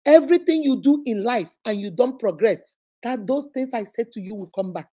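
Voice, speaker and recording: Nigerian woman, advice host, mellow higher voice, preachy, speaks straight to viewers. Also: animated, fairly quick. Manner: emphatic, preachy, addresses viewers directly. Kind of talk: livestream advice talk.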